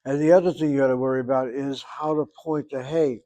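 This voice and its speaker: A man's voice: medium pitch, fairly even intonation, quick pace, dark tone. A man teaching a Hebrew grammar lesson, explaining patiently and methodically and repeating words as drills.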